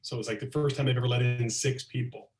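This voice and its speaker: A middle-aged man telling lively anecdotes as a comedian guest, slipping into acted-out quotes, on a video call. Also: medium pitch, fast talker, faint music behind. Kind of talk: casual storytelling chat. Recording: roomy echo, far from mic.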